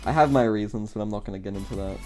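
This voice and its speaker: A man's voice: lowish voice, racing, mellow, soft background music. A man streaming live, rambling in casual commentary, mocking himself, laughing often and swearing.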